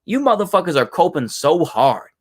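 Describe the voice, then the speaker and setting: A man's voice: fairly high pitch, big pitch swings, moderate pace. A man giving heated, profane reaction commentary, incredulous and swearing often.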